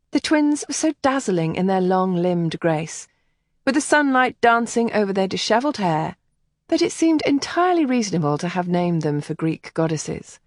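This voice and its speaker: A woman narrating a historical romance audiobook in an expressive storytelling manner, recorded on a close mic. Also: mid-range voice, moderate pace, dry recording. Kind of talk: scripted narration.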